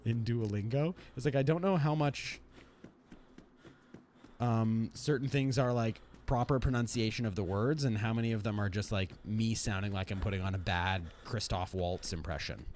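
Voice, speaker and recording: Chatty low-voiced Canadian gamer man. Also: a little hiss or hum. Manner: chatty, answers chat, drops to a murmur when sneaking. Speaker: streamer. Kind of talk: casual livestream chat while gaming.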